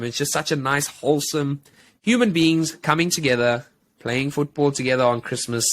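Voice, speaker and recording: A man's voice: on the high side, normal speed, a bit bright. A man co-hosting a podcast, telling a story in a casual, rambling way with many fillers. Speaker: podcast co-host.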